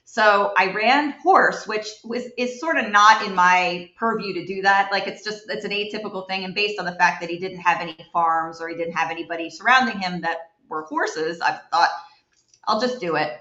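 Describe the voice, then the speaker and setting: Chatty lady telling stories, bright sharp voice, kinda echoey dull recording. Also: mid-range voice, normal speed. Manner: animated, chatty, many fillers and likes. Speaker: home environmental investigator. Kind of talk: guest storytelling in a chat. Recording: roomy, dull lo-fi sound.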